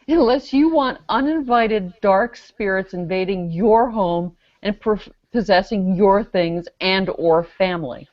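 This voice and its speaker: A woman's voice: mid-range voice, measured pace, hardly any pauses, dry recording. A woman on a casual web panel show, presenting a news story with dry sarcasm as she reads comments aloud. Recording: dry, dull lo-fi video call audio.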